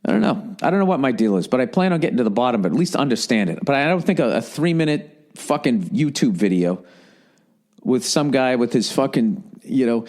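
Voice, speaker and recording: A man hosting his own podcast in a loose, rambling rant. His voice sits at an ordinary middle pitch, and he swears freely. He mocks himself as he goes. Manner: profane, rambling, self-mocking, mimics people in put-on voices. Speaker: podcast host. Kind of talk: casual rant.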